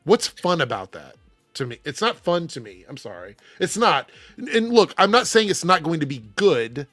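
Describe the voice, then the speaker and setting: Animated man reading news on a livestream. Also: fairly high pitch, normal speed, no echo, soft background music. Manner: animated, reads articles aloud with asides. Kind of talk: casual livestream commentary.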